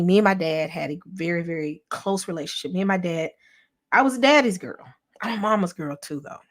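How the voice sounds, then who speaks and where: A woman with a slightly low voice talks straight to her viewers in a relaxed livestream. She speaks softly and thoughtfully, answers comments from the chat, and at times drops almost to a whisper. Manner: soft and reflective, sometimes drops to a whisper. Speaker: vlogger and channel host. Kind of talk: casual heartfelt livestream chat.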